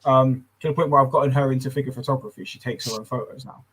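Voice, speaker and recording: A man's voice: mid-range voice, fairly even intonation, quick pace, fairly bright tone, poor audio. A man, chatting casually on a podcast, rambling and swearing freely. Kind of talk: casual chat.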